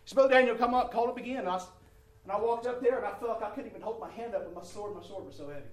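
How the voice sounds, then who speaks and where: A man giving a preached testimony in church, fervent, swinging from hushed to shouting. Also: high-pitched, very fast. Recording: echoey room, mic at a distance.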